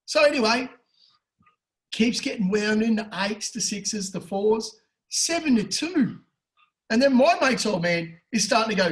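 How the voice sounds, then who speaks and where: Australian man, high voice, rowdy betting storyteller, swears a lot, voices jump up when acting out characters. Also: unhurried, poor audio. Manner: animated, swears freely, acts out characters with big pitch jumps. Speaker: podcast co-host. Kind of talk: casual storytelling chat.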